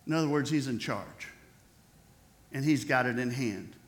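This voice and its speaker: A man's voice: mid-range voice, normal speed. A man preaching a sermon as pastor, emphatic and repetitive, building intensity on key phrases. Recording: echoey church hall.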